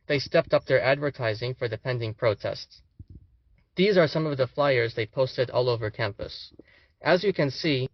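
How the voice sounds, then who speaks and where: A man's voice: mid-range voice, no room sound, dull audio. A young man, a student, giving a scripted commentary voice-over with sardonic, indignant asides. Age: young adult.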